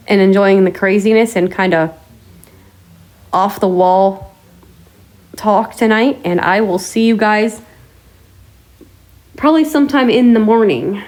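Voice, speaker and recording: A woman vlogger chatting casually to her viewers, telling stories in a chatty way with mild swearing and drawn-out exclamations. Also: mid-range voice, a little mellow. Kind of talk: casual chat to camera.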